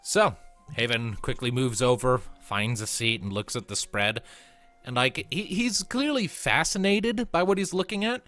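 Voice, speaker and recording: A man narrating as game master of a tabletop role-playing session, talking in halting bursts with many restarts. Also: mid-range voice, pushed and bright, faint music behind. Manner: halting, lots of fillers and restarts.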